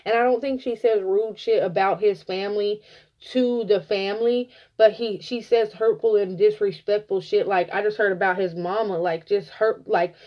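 A woman giving a casual tarot reading, blunt and profane, telling it like an animated story. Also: mid-range voice, moderate pace, lo-fi sound. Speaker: tarot reader.

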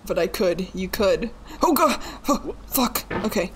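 A young woman in her twenties livestreams a game, her mid-range voice sing-song and unhurried, with hardly any pauses and a little background noise. As she keeps failing, she gets frustrated, pleads, swears under her breath, and mocks herself between bursts of laughter.

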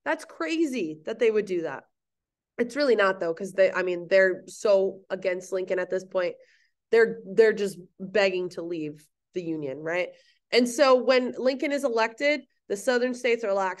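A woman's voice: medium pitch, lively intonation, a little slow. A woman teacher giving a recorded history lecture in an empty classroom, playful, jokey and chatty.

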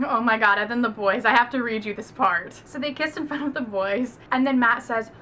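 A young woman gushes through a casual book review, emphatic and quick to swear. Her voice is high and bright. A faint hum sits under the recording.

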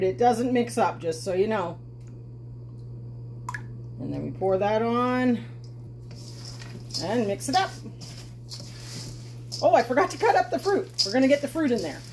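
A woman's voice: medium pitch, a little mellow, slight background noise. A woman hosting a homesteading channel, chatting in a self-deprecating way as she walks through a recipe in her home kitchen. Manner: chatty and self-deprecating, talking while cooking. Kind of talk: casual cooking demonstration.

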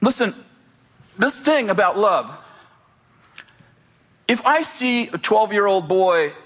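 A man's voice: high-pitched, big pitch swings, slow, fairly bright tone. A middle-aged male pastor preaching to a congregation in a conversational, joking manner. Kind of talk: sermon. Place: church before a congregation.

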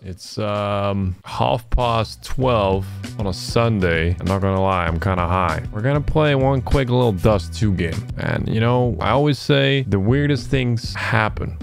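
A man's voice: on the low side, measured pace, vocal fry, few pauses. A man streaming an online shooter, giving laid-back, joking and rambling commentary while he plays. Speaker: game streamer. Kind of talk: casual gameplay commentary. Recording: gameplay recording with music behind.

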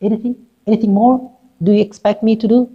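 A woman voicing a courteous, soft-spoken post office assistant serving a customer, on a dull lo-fi recording. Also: medium pitch, fairly even intonation, fast talker, pitched above the performer's own voice, lightly acted. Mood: polite. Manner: quiet, courteous.

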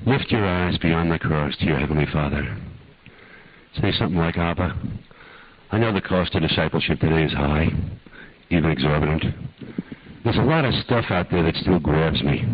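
An older man with a husky voice, leading a slow, earnest guided prayer as a preacher in a sermon. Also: very deep voice, dry recording, muffled recording.

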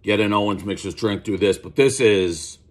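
A man with a Boston accent and a fairly low voice reviews pizza at a normal speed, telling stories as he eats. His casual review is rambling, profane and animated.

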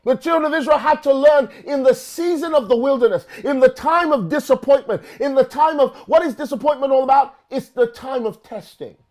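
A man's voice: a little fast, few pauses. A man with a London accent preaching a sermon dramatically, acting out quoted voices and often repeating words as he goes. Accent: London English. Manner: dramatic, acts out quoted voices with swings in pitch and volume. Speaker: pastor.

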